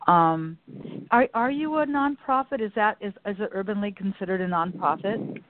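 A mid-pitched interviewer asking questions in a curious, chatty way. The voice comes through a narrow, tinny phone-line sound. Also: moderate pace, no echo. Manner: inquisitive, chatty.

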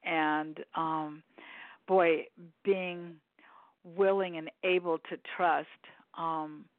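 A woman host with a fairly low voice asks questions over a thin, phone-like line. She muses thoughtfully, full of ums and restarts. The sound is dry and close. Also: fairly even intonation, very slow, dry recording. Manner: thoughtful, warm praise, many fillers. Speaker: interview host. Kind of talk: interview conversation.

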